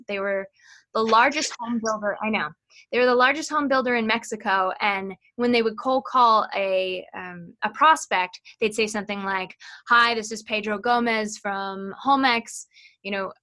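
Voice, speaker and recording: A woman who works as a sales training consultant appears as an interview guest, explaining phone technique in a chatty, explanatory way and tossing in quick asides. Her voice is mid-range with a sharp tone.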